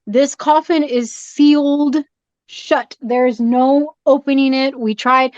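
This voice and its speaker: A woman guest on a podcast, telling a spooky story in an animated, jumpy way and acting out her own scared reactions. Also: sits high, slow pace, no room sound. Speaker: guest, shop owner and horror collector. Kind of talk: excited storytelling in a podcast chat. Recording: dull dry podcast audio.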